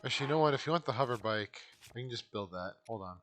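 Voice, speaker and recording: Bright-voiced man streaming a game. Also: medium pitch, lively intonation, fast, soft background music. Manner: casual, wry, talking to viewers while playing. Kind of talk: live gameplay commentary to chat.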